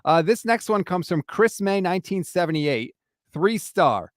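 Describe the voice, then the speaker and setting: Male podcast co-host, casual and animated, dry close-miked sound. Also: sits high, normal speed, no room sound. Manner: animated, reads listener reviews aloud, gets emphatic.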